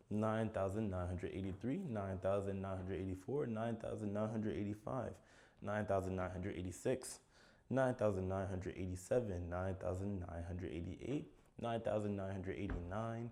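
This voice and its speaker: A tired man counts numbers aloud one after another for a video meant to help people fall asleep. His voice sits very low, and he plods along wearily, sighing and losing track now and then. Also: fairly even intonation, normal speed, gravelly, warm tone. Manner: tired, plodding counting with sighs and slips. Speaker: content creator. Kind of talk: slow counting for sleep.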